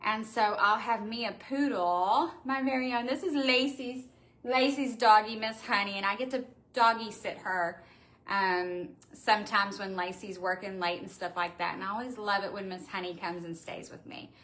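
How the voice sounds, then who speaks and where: Bright, gushing woman on a live stream. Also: medium pitch, steady tone, normal speed. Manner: gushing, chatty, reads out viewer comments. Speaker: wreath shop owner hosting a live stream. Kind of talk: casual live-stream chat with viewers.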